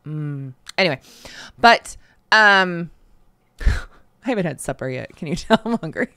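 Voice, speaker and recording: A woman's voice: fairly low pitch, expressive, a little slow, long pauses, pushed and bright, clean tone, no echo, studio quality. A woman co-hosting a podcast, telling rambling stories full of fillers and laughing often. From Canada. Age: young adult to middle-aged, a parent. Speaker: podcast co-host. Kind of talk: casual podcast chat.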